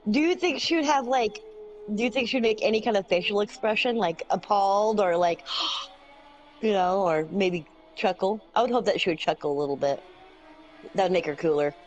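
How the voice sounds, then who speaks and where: A woman's voice: mid-range voice, moderate pace, soft background music. A woman co-hosting a casual gaming video who giggles often and chats casually.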